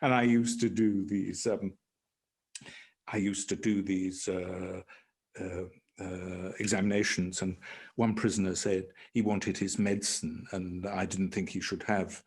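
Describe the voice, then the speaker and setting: A British man, a former prison doctor and podcast guest, telling wry anecdotes in a measured way. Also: low-pitched, little pitch movement, darkish tone. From Britain. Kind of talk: anecdotal conversation.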